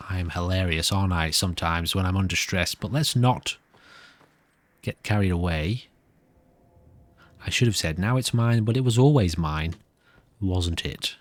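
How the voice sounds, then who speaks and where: A nervous man giving rambling, self-amused commentary while playing a video game. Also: sits low. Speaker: gameplay commentator.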